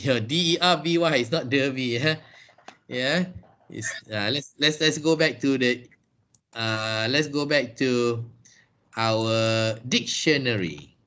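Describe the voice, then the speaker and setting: A man's voice: mid-range voice, fairly bright tone. Patient Malaysian man teaching English online. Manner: patient, explains step by step. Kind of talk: online class Q&A. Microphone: video call.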